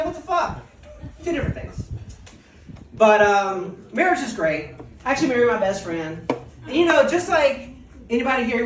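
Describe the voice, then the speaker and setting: A woman's voice: mid-range voice, slight background noise. Woman, stand-up comedian, self-mocking, laughs at own jokes, echoey club, distant mic. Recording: echoey club recorded from afar.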